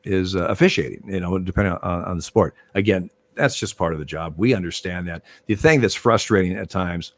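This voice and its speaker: Low-voiced older man, rambling storyteller. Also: brisk, few pauses, dry recording. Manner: rambling, many fillers and restarts, animated when retelling arguments. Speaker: former baseball umpire, guest. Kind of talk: casual interview storytelling.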